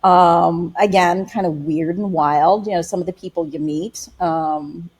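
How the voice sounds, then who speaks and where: A middle-aged woman pastor and author, chatting as an interview guest, telling stories in a lively way with acted-out quotes and frequent laughter. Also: fairly low pitch, measured pace, husky. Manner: animated storyteller, acts out quotes, laughs often. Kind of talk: casual interview chat.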